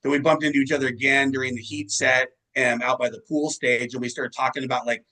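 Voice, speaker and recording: Man, musician guest, rambling casual storytelling, bright forceful tone, swears a lot. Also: medium pitch, level tone, quick pace, low-quality recording. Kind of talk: casual interview chat.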